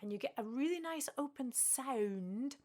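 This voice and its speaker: A woman with a Scottish accent leading a call-and-response singing lesson, encouraging and speaking slowly and clearly between sung phrases. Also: high voice, animated, a little mellow. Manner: encouraging, slow and clear, sings sung examples. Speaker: music teacher.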